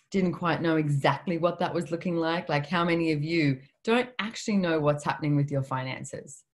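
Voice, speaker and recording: A woman author speaking at her book launch, telling candid, self-deprecating personal stories. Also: low voice. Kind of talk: personal storytelling talk.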